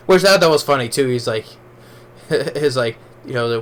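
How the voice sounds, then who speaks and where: Male movie reviewer, mid-pitched, loose rambling delivery full of restarts, faint background noise. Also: a little fast, a bit bright. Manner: rambling, with many restarts and fillers. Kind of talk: casual spoken movie review.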